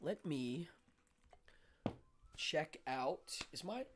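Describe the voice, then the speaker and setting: A man's voice: a little high, lively intonation, very slow, noisy background. A man hosting a live-stream show, talking casually and rambling with frequent fillers and restarts.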